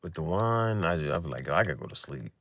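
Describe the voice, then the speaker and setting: A young man talking casually late at night in loose slang, laughing often and swinging between loud bursts and mumbles. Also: rumbling low, lively intonation, fast talker. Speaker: vlogger.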